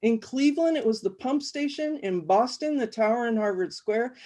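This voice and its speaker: A woman reading aloud, voicing a weary ex-husband who talks in a blunt, gruff, profane way. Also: fairly high pitch, normal speed, mellow, lightly acted.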